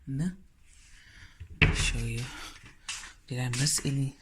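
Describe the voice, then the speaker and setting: A woman's voice: rumbling low, fairly even intonation, slow, pauses often, noisy background. A South African woman hosting a cooking channel, chatting in a homely way as she shows her guests' gifts and food at home. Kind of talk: casual vlog chat.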